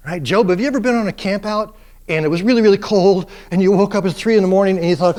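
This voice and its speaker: Animated, high-pitched male professor. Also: fast. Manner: animated, playfully sarcastic rhetorical questions. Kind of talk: classroom lecture.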